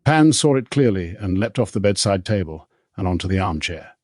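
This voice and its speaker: Husky male audiobook narrator, deep and dry, very close. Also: expressive, moderate pace, darkish tone, dry recording. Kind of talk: scripted narration.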